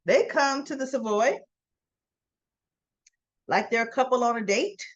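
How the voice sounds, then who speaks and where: A woman gives a casual, chatty recap of a soap opera episode, often correcting herself mid-sentence and ending points with a quick "right?". Her voice is a little high, and the sound is lo-fi.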